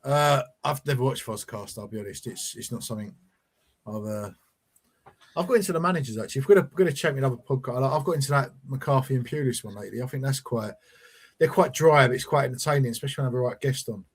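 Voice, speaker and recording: A man's voice: mid-range voice, quick pace, slightly rough. A man hosting a casual football fan podcast, rambling and teasing his co-host.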